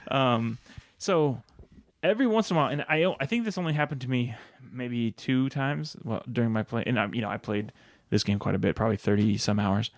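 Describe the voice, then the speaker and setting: A man's voice: medium pitch, brisk, no room sound, clean studio sound. A man co-hosting a casual video game podcast, rambling and teasing his co-host. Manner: teasing, rambling, many fillers.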